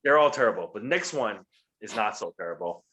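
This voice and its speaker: A man's voice: fairly low pitch, animated, a little fast, bright, forceful tone. A man co-hosting a casual show, recapping wrestling in a profane, rambling way. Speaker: podcast co-host.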